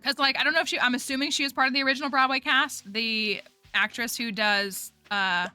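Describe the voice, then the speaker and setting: A woman's voice: sits high, fairly even intonation, brisk, bright, forceful tone, smooth. A woman streaming a game and chatting casually, rambling with lots of "like" fillers. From United States. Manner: rambling, heavy use of "like" fillers. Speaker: gaming streamer. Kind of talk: casual chat while playing a game. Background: game music.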